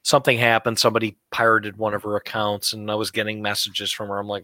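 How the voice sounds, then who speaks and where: Blunt, heated male co-host, forceful tone, lowish voice, dry studio sound. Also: completely flat delivery, fast talker, hardly any pauses, dry recording. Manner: blunt, fired-up ranting. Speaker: talk show co-host. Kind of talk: heated political chat.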